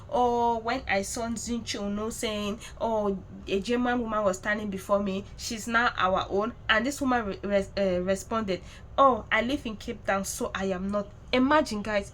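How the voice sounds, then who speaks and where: A woman hosts her own vlog, talking through the news with emphatic repetition and mocking asides. Her voice sits a little high, and a faint hiss of noise runs underneath. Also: fairly bright tone, poor audio. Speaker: vlogger host. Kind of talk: animated news commentary to camera.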